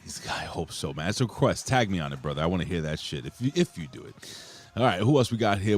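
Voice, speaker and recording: A man co-hosting a wrestling podcast in casual chat, loud and jokey, swearing as he reads out viewer comments. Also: low voice, animated, fast talker, slightly rough. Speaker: podcast co-host reading chat.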